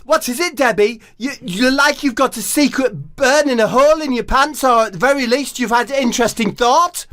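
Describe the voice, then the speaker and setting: A man's voice: extremely high pitch, brisk, few pauses, fairly bright tone, voice pushed up. A man voicing a brash, bossy young footballer who speaks in a blunt, scolding way. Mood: impatient. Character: brash, bossy young male team leader.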